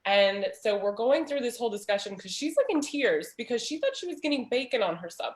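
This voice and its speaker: A woman's voice: fairly high pitch, lively intonation, fairly quick, reverberant. Chatty woman on a video call. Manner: chatty storyteller, many "like" fillers, laughs often. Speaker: host of a small business community chat. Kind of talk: casual video chat.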